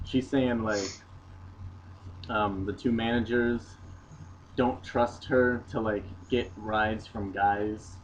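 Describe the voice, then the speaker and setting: A man's voice: on the low side, steady tone, takes it slowly, long pauses. A young man hosting a casual late-night podcast, talking loosely with many fillers. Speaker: podcast host. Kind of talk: casual chat. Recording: dull lo-fi recording with faint noise.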